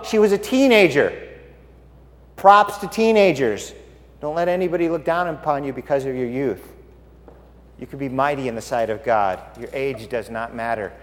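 A man preaching a sermon, animated and swinging between loud and hushed. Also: mid-range voice, big-room sound.

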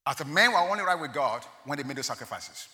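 Animated male preacher in a big reverberant hall. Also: a little high, fast talker. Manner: animated preaching with sudden loud rises and quiet drops. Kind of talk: sermon.

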